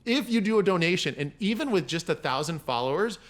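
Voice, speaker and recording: Lively man telling an animated story. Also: fast. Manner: animated, acts out quoted people with raised pitch. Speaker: podcast guest, mindset coach. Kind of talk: casual storytelling.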